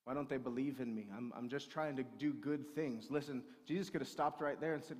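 A male pastor preaching a sermon, swinging between forceful raised passages and quiet storytelling. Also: medium pitch, fairly even intonation, brisk, few pauses. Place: church sanctuary. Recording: long hall reverb.

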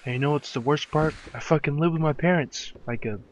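A man's voice: on the high side, brisk, dull audio, a little hiss or hum. A young adult man giving frustrated gameplay commentary from his room at home, cursing and muttering in exasperation at the game. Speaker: let's play commentator.

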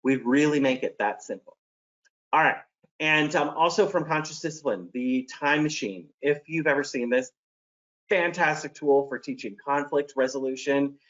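A man's voice: medium pitch, normal speed, a bit bright. Man presenting teacher training, dull audio. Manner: friendly, practical, explains with acted examples.

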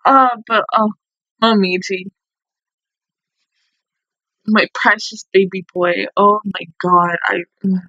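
A woman's voice: mid-range voice, fairly even intonation, takes it slowly, pauses often, pushed and bright, no echo, lo-fi sound. A young woman hosting an anime reaction review, talking casually and emotionally with many fillers.

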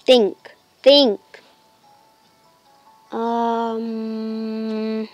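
A woman giving casual gameplay commentary as a channel host, excitable, breaking into delighted squeals and filling pauses with lots of hesitant ums. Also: on the high side, no room sound, soft background music.

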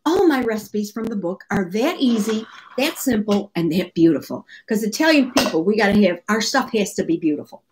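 A woman's voice: medium pitch, lively intonation, a little fast, background noise. A woman from the United States, a cookbook author, casually telling a story to the camera in a chatty, exclamatory way.

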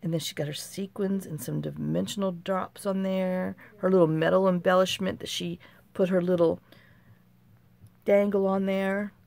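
A woman's voice: fairly low pitch, fairly even intonation, moderate pace, vocal fry, a little mellow. A middle-aged woman, casually showing off handmade craft mail and exclaiming over each piece as she talks to herself. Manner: chatty, talks to herself while handling items, exclaims often. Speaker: craft channel host.

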